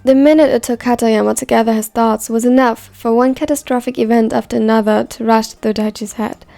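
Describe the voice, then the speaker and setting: A woman narrating a fan story in an even, measured reading voice. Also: fairly high pitch, creaky, soft background music.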